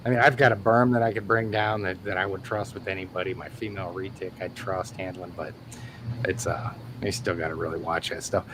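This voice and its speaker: A man's voice: low-pitched, brisk, noisy background. A man in casual live-stream chat, rambling and laughing as he tells stories from work. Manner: relaxed, rambling, laughs often. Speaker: reptile keeper and guest.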